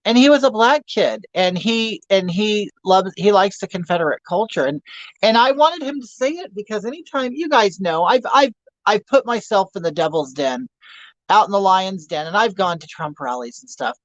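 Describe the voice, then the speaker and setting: A man's voice: high-pitched, expressive, moderate pace, dry recording. Man, 50s, campy livestream host with crude humor; dry, dull lo-fi audio. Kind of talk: casual livestream chat reading viewer comments.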